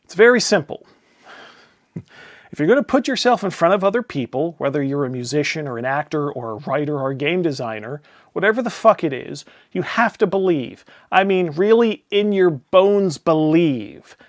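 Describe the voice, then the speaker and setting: A man's voice: a little high, moderate pace, no echo, studio quality. Profane, exasperated ranting man. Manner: profane, exasperated, sarcastic, animated swings in loudness. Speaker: tabletop game publisher ranting. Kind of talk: casual spoken rant.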